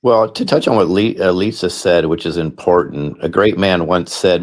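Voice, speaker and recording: On a panel, a middle-aged guest speaker who is running for office delivers an impassioned talk in a low-pitched voice. He moves at a moderate pace with few pauses, earnest and emphatic, often repeating himself for stress.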